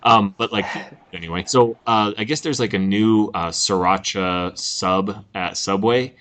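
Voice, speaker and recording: A man's voice: lowish voice, unhurried, fairly bright tone. A man co-hosting a podcast in casual chat, rambling and laughing often. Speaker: podcast co-host.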